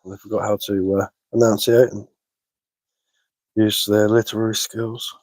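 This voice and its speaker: A man, a little hoarse from being ill, chatting casually on a livestream and answering comments with lots of hesitant fillers and repeated words. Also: on the low side, flat delivery, measured pace, a little mellow, no room sound, rough recording. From England. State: slightly hoarse from illness. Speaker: bushcraft livestreamer.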